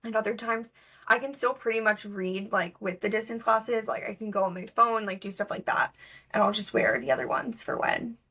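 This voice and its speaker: Medium in pitch and normal in speed, this young woman's voice is sharp with a breathy edge. She's a podcast co-host chatting casually and telling stories with lots of fillers.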